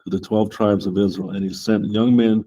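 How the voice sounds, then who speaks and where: A man with a low, mellow voice leads a Bible class. He reads the scripture in an even, steady way, then drifts into relaxed asides full of restarts. The tone stays plain and unhurried, like a teacher talking to a small group. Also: dull audio. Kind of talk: Bible study lesson, reading scripture with commentary.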